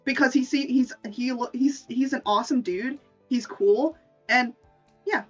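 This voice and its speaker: Woman streamer, higher voice, rambling stammer, off-mic, dull lo-fi audio with faint music under it. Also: measured pace, husky, recorded from a distance. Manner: rambling, stammering restarts, laughs often. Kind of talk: casual stream chat.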